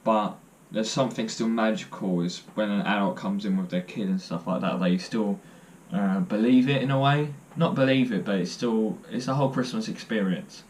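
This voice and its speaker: A man's voice: lowish voice, moderate pace, hardly any pauses, a little hiss or hum. A young man chats straight to camera, telling stories and cracking jokes at his own expense. He rambles loosely and fills the gaps with ums and uhs. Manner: jokey, self-deprecating, rambling with fillers. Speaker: vlogger. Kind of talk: casual storytelling to camera.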